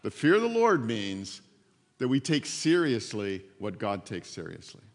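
Animated male pastor in a reverberant hall. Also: fairly low pitch, measured pace. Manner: conversational, animated storytelling with asides. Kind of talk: sermon.

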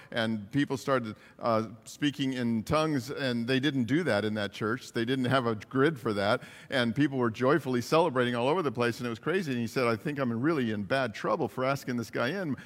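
A man's voice: mid-range voice, fairly bright tone, long reverb tail. A man preaching a sermon, earnestly retelling stories with quoted dialogue. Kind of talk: sermon storytelling.

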